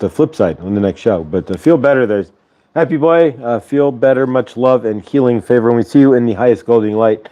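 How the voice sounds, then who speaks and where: Mellow-voiced man hosting a rambling livestream. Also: medium pitch, dull audio. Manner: loose, rambling, full of filler words. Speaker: host of a spiritual morning show. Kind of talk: casual livestream talk and guided breathing. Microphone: clip-on lapel mic.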